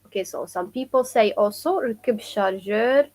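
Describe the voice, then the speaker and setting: A woman from Morocco with a Moroccan accent, teaching her language in a live online lesson, slow and careful, repeating phrases and answering viewer comments. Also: medium pitch, poor audio. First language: Moroccan Arabic.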